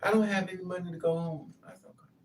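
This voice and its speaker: A woman with a lowish voice talks very fast through a casual monologue about something that happened to her, animatedly acting out other people's words. The mic is distant and there's faint noise.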